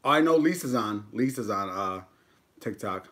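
A man's voice: on the low side, expressive, moderate pace, sharp tone. Laid-back joking man on a live stream. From United States. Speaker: mukbang YouTuber. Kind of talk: casual live-stream chat while eating.

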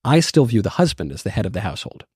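A man's voice: on the low side, big pitch swings, darkish tone, slightly rough, dry recording, studio quality. A man talking as a guest on a podcast, joking wryly and speaking his mind in casual conversation. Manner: wry, quick to joke.

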